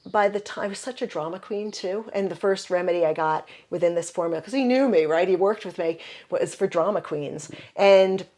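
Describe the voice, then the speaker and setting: An older woman herbalist with a Midwestern American accent tells stories casually as an interview guest, peppering her speech with "you know." Her voice is lowish and darkish in tone, fairly quick with few pauses.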